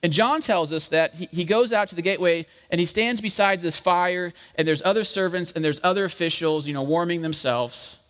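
A man's voice: sits high, a little fast, hardly any pauses, a bit bright. A man preaching a sermon in a conversational, explanatory way, with frequent fillers. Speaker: pastor. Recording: long hall reverb.

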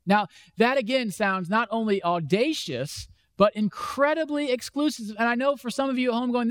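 A man's voice: sits high, lively intonation, normal speed, dry recording. A man preaching a conversational sermon as a pastor, acting out the questions of imagined listeners. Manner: conversational, acts out imagined voices.

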